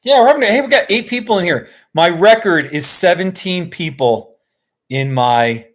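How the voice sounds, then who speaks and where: A man hosting a live stream from his couch, chatting casually in a relaxed, rambling way and chuckling often. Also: high voice, normal speed. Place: sitting on a couch at home.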